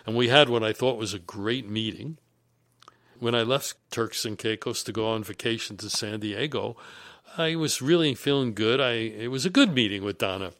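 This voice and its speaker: A business executive recounts his career in an animated monologue. He is deliberate and emphatic, and his voice is mid-pitched. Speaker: executive telling career stories. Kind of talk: storytelling monologue.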